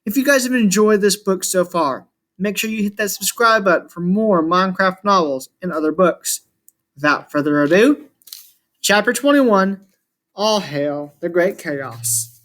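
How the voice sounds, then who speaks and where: A man's voice: high voice, moderate pace. A man reading a novel aloud chapter by chapter as a channel host. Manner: plain, steady reading. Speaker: audiobook reader.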